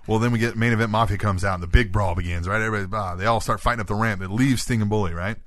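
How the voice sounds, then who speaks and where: A man's voice: on the low side, fairly even intonation, no echo. A man co-hosting a wrestling podcast, rattling off a play-by-play recap of the week's matches and often tagging his sentences with "right?". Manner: rapid play-by-play recapping, tags "right?" on statements. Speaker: podcast co-host. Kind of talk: casual wrestling recap chat.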